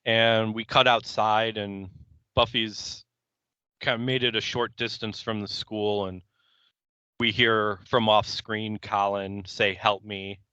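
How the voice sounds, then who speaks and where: A man co-hosting a podcast, calmly retelling scenes of an episode one step at a time. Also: on the low side, clear, resonant tone, no room sound, muffled recording. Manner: unhurried, plain scene-by-scene retelling. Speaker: podcast co-host. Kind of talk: casual episode recap chat.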